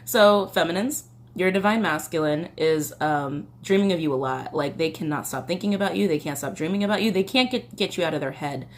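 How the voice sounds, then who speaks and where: A woman's voice: on the low side, expressive, fairly quick, few pauses, a little hiss or hum. Chatty woman giving a tarot reading. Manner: chatty, swearing, reads song lyrics aloud. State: slight cough. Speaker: tarot reader. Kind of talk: casual tarot reading to camera.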